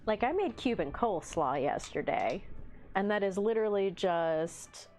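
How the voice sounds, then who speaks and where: A woman's voice: mid-range voice, animated, moderate pace, a little mellow, soft background music. A woman hosting a livestream in casual chat, reading the live chat aloud with playful teasing and frequent laughter. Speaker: livestream host.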